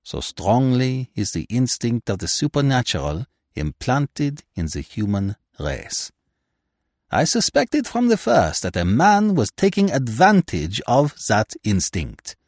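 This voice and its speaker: A man voicing a calm middle-aged male detective in an audiobook reading, gentle, measured and grave. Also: mid-range voice, no room sound, clean studio sound, heavily acted. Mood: placid, explaining.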